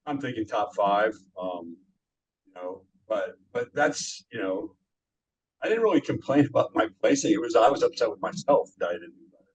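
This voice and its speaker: A man talking modestly and reflectively as an interview guest, with pauses and fillers. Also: on the low side, big pitch swings, breathy edge, low-quality recording. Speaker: guest, former pro bodybuilder. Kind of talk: casual interview chat.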